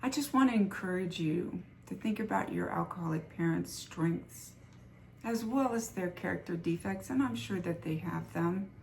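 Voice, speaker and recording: An older woman telling a personal story in a vlog, earnest and animated, acting out the quoted lines. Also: lowish voice, normal speed, gravelly, slight background noise. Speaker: vlogger sharing faith-based recovery stories.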